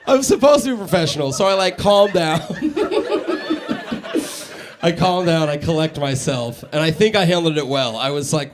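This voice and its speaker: Before a small studio audience, with crowd noise audible, a young radio host performs a live stand-up set. His voice is on the high side at a moderate pace with long pauses, and he tells animated stories, acts out characters and laughs often.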